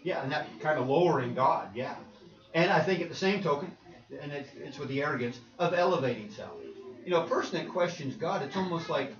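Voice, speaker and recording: An animated male preacher with a lively, swooping voice and a slightly high pitch. He talks with the class, tosses questions out and laughs as he goes. The sound is roomy and muffled, picked up from a distance in a church hall. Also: fairly quick. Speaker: preacher leading a Bible class. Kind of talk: interactive Bible class teaching.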